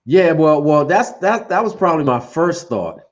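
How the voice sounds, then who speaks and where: A man's voice: on the high side, lively intonation, moderate pace, dull audio. A man co-hosting a casual chat show, teasing and insistent in a playful way. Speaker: co-host.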